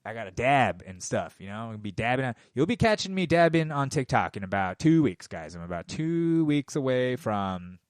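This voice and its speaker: A man's voice: mid-range voice, big pitch swings, moderate pace, hardly any pauses, no echo, studio quality. A man in his forties ranting casually and heatedly into a microphone, swearing constantly. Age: 40s. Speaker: podcast host. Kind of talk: casual rant. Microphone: studio microphone.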